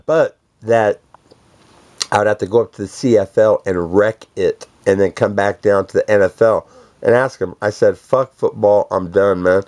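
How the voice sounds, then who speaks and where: A man talks straight to the camera in a rambling monologue, with a somewhat low voice. He sounds boastful and profane and throws in streetwise slang as he goes. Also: measured pace, long pauses, a little mellow. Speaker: vlogger addressing a celebrity. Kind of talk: rambling direct-address monologue.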